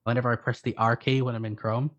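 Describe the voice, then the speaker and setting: A man with an Irish accent, co-hosting a live stream in quick, rapid-fire casual chat. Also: mid-range voice, level tone, a bit bright. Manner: rapid-fire, self-described fast talker. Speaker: co-host. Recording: dull lo-fi stream audio.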